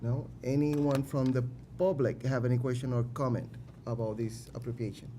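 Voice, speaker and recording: Man, council president, brisk procedural chairing, mid pitch, room noise in the background. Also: level tone, warm tone. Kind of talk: chairing a meeting. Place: city council chamber.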